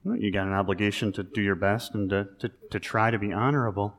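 A male pastor giving a sermon, talking in a conversational, animated way that rises into emphasis. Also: lowish voice, fast. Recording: long reverb of a large hall.

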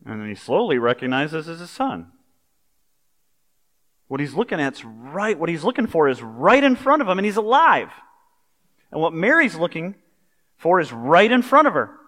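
A man's voice: fairly high pitch, normal speed, long pauses, big-room sound. A man preaching a sermon in a conversational, storytelling way, with everyday asides. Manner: conversational, animated storytelling with pop culture asides.

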